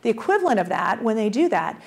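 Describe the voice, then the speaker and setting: A woman giving a conference presentation as a transportation official, energetic and full of rhetorical questions. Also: on the high side, fast, creaky.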